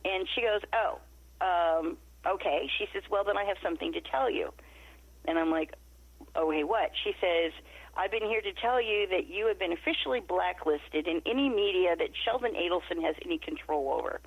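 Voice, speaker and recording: Speaking at a normal pace, this lowish-voiced middle-aged woman from Nevada has a breathy edge and no room sound around her. As a podcast interview guest, she animatedly tells a story, performing the quoted lines. Her remote audio sounds muffled and lo-fi.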